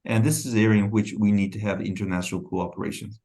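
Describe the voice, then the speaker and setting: A fairly low-voiced man presents government policy in a webinar. His delivery is halting, and he often breaks off words to restart them. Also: fairly even intonation, mellow.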